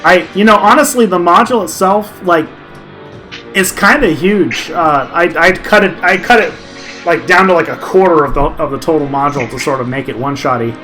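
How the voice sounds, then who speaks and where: A man's voice: fairly high pitch, fairly quick, sharp tone, soft background music. A man running a tabletop game as game master, chatting casually and rambling with restarts.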